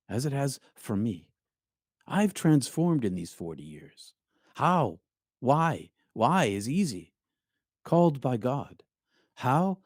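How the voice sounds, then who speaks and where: A middle-aged man hosts a meditative spiritual talk in a slow, mellow, relaxed voice. He lingers on words and lets many phrases fall quiet. The sound is close and dry. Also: medium pitch, dry recording. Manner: slow, reflective, drops to near-hushed phrases. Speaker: spiritual speaker and show host.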